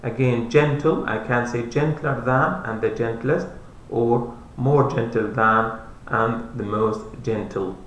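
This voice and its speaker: A man's voice: mid-range voice, fairly bright tone, a little hiss or hum. Male teacher, patient repetitive explainer, echoey room sound. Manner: slow, repetitive, spells out letters. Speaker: English grammar teacher. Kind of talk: explaining grammar lesson. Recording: roomy echo.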